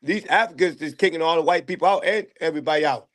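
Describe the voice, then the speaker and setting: Guy on talk radio, voice a bit higher than most, loose and chatty, keeps circling back. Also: quick pace. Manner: loose, conversational, repeats himself. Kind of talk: casual opinion talk.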